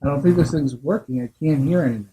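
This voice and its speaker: A man's voice: fairly high pitch, fast talker, mellow, a little hiss or hum. Joking male podcast host. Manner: joking, rambling, self-deprecating. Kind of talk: casual chat.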